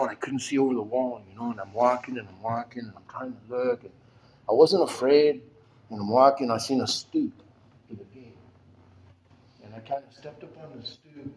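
A man's voice: medium pitch, slight background noise, low-quality recording. A middle-aged man telling a personal story in casual, rambling speech, full of fillers and repeated phrases.

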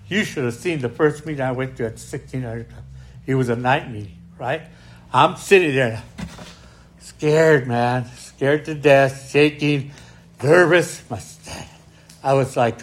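A man telling his recovery story at a meeting, speaking emphatically and often checking in with "right?". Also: medium pitch. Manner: emphatic, rising and slowing when angry, tag questions "right?". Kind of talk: personal recovery testimony.

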